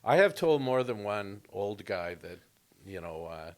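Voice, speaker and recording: Man, comedian, low voice, casual storytelling chat. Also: unhurried. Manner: storytelling, animated and joking. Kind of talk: casual podcast conversation.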